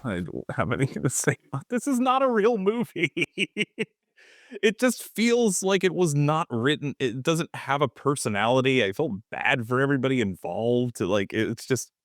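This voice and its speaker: A man's voice: medium pitch, big pitch swings, moderate pace, dry recording, studio quality. A young man co-hosting a film podcast, blunt and exasperated, laughing often. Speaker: podcast co-host. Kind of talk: casual film review banter.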